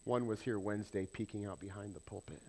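A man's voice: lowish voice, fast, warm tone. A man preaching a sermon as pastor, emphatic and full of rhetorical questions.

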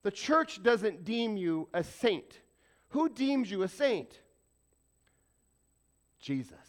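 Pastor guy preaching, kinda high voice, super animated and chatty with the crowd. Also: slow pace. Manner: animated and conversational, asks the congregation questions. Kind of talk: sermon.

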